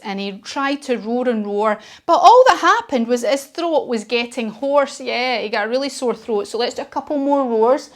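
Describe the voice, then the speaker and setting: A woman's voice: on the high side, expressive, normal speed, hardly any pauses. A woman telling a story while leading a children's yoga class, playful and encouraging. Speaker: kids yoga teacher.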